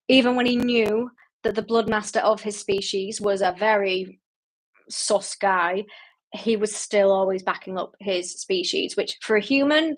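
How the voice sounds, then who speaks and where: A woman's voice: mid-range voice, fairly bright tone. Woman, book club livestream host, casual chat, rambling, self-deprecating. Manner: chatty, rambling, self-deprecating, reads out viewer comments.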